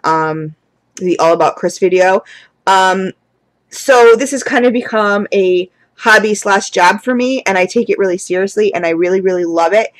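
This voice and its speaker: A woman's voice: on the low side, no echo, low-quality recording. A woman gushing through an unboxing vlog, effusive and chatty as she talks straight to her viewers, at times near tears. Her voice is close and dry, with little room sound around it. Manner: chatty, addresses viewers as guys. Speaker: candle and wax hobby vlogger.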